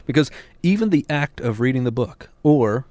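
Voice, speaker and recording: A man's voice: medium pitch, expressive, normal speed, darkish tone, dry recording. An American man, a parenting author, answering a radio interviewer in an earnest way that builds to emphatic peaks.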